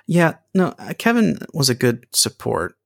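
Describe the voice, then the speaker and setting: An actor playing a weary, sardonic widowed man with a gravelly voice. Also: medium pitch, sing-song, measured pace, dry recording, studio quality, heavily acted. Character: gruff widowed man bent on revenge.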